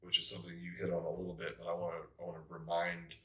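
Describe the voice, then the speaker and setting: A man's voice: low-pitched, monotone, very fast, pushed and bright. A man who runs tabletop games, giving emphatic advice in a casual roundtable chat. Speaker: tabletop game master. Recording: roomy, distant mic.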